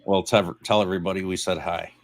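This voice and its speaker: A man's voice: sits low, little pitch movement, fast, no echo. A man hosting a casual chat, cracking dry, teasing jokes. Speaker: host.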